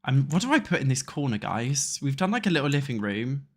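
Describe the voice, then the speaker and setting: A man's voice: medium pitch, very animated, brisk. Young British man, chatty gaming YouTuber, rambling, swears freely, casual chat. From England. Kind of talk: casual chat while playing a building game.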